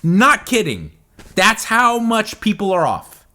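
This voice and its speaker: Man, 40s, podcast host, heated profane rant, high-set voice, big pitch swings. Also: wildly swooping pitch, slow pace. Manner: profane, emphatic, swings between loud outbursts and low asides.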